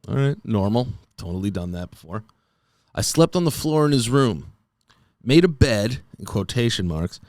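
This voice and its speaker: Recorded in a clean studio without echo, a man in his thirties with a lowish voice hosts a comedy podcast. He keeps up a goofy, rambling solo monologue, using "dude" frequently.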